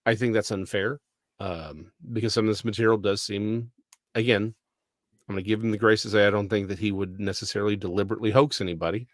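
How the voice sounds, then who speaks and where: A man's voice: on the low side, fairly even intonation, quick pace, no echo, clean studio sound. Thoughtful, rambling man from Texas. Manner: thoughtful, rambling, full of restarts. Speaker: podcast co-host. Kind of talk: casual discussion.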